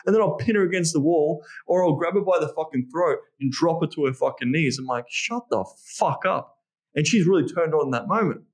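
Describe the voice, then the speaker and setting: A man in casual podcast talk as a dating coach, blunt and profane, acting out his own lines. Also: on the high side.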